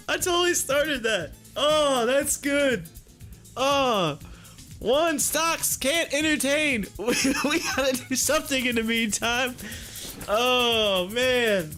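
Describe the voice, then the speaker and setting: Giggling high-voiced man on a stream. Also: pushed and bright. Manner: laughs helplessly, reads chat aloud. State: laughing to tears. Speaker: live stream host. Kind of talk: casual live-stream chat.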